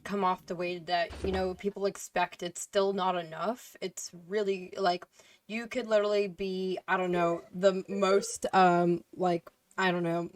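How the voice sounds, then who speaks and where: A woman telling a story in a casual group chat, blunt and animated, swearing freely. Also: lowish voice, measured pace. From Haitian heritage. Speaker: panel guest.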